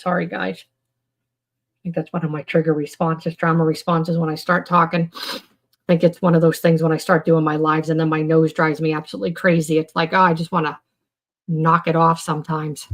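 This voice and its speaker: A woman with a gravelly, fry-laden voice sits low in her register as she hosts a relaxed live stream from home. She drifts between thoughts, starts sentences over and leans on filler words while answering her viewers. Her talk is loose and conversational throughout. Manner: rambling, with many fillers and restarts; chats with viewers in the comments. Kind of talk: casual live chat on mental health.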